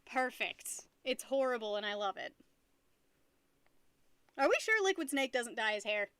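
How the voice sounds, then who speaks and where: A woman's voice: fairly high pitch, big pitch swings, a little slow, fairly bright tone, clean tone, no room sound. A young woman streamer chatting casually with her viewers, playful and giggly, often laughing at herself. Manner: playful, giggly, self-mocking. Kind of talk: casual live-stream chat.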